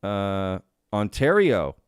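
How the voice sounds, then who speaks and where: This podcast host reads live chat on a casual live stream, upbeat and very animated as he greets viewers and laughs easily, though he talks extremely slowly. His smooth, clear voice sits fairly low, and the recording is dry and close-miked.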